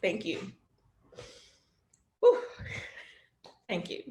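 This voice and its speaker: A woman reading her own poetry aloud over a video call, with a measured, rhythmic delivery that drops to a hush. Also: mid-range voice, huge pitch swings. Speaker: poet. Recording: roomy echo.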